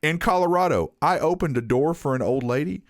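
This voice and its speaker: A man with a deep voice, hosting a casual podcast and telling an animated story, swearing freely. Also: brisk, dry recording, studio quality. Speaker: podcast host.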